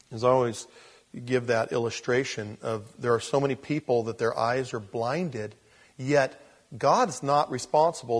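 A man, a pastor, preaching an expository sermon, swinging from loud emphasis to quiet asides. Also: medium pitch, slightly rough.

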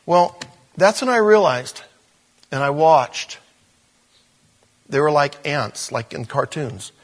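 Preacher guy telling a story in a sermon, lively, trips over his words and restarts. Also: on the high side, takes it slowly. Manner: animated, with stumbles and restarts. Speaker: pastor.

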